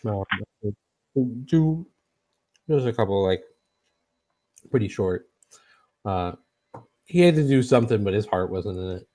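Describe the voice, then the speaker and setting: A man narrating a tabletop game as game master, in a halting way with many fillers and restarts. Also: on the low side, expressive, warm tone.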